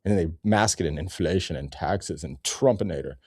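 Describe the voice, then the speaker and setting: A man's voice: deep voice, fairly quick, a little mellow, breathy edge, no echo, studio quality. A man ranting in a sarcastic, rambling comedy commentary, cursing often.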